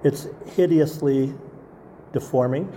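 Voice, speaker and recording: A man's voice: on the high side, takes it slowly, warm tone, a little hiss or hum. A man preaching a sermon as pastor, earnest and asking the congregation rhetorical questions.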